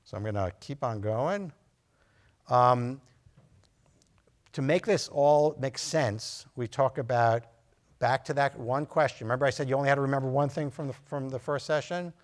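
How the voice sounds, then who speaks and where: A man's voice: medium pitch, normal speed. A physician giving a conversational lecture to nurse practitioners, loose and anecdotal, acting out his talks with patients. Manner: loose and anecdotal, full of fillers, acts out patient dialogue.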